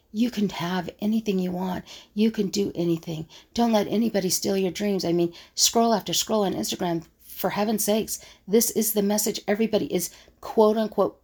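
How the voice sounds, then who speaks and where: A woman's voice: mid-range voice, a little mellow. A woman who works as a conflict resolution coach, thinking aloud in a solo monologue and acting out the scoffing remarks people make. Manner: musing, acts out others' scoffing remarks.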